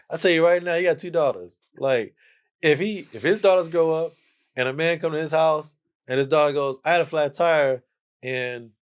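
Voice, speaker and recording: A man's voice: on the high side, moderate pace, clean tone. A man, lecturing in a playful way as a podcast guest and asking "okay?" between points. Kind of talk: casual chat.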